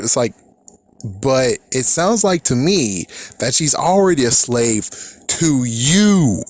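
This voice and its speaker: A man's voice: medium pitch, lively intonation, a little slow. A young adult man giving casual reaction commentary, rambling and swearing freely with frequent laughs. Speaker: reaction video host.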